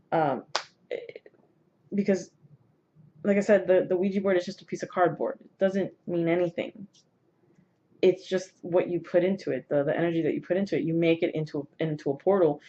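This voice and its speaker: A woman's voice: lowish voice, moderate pace, dark tone. A woman vlogger with a sore throat, casually telling a personal story to camera, rambling with many fillers and restarts. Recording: dull lo-fi recording.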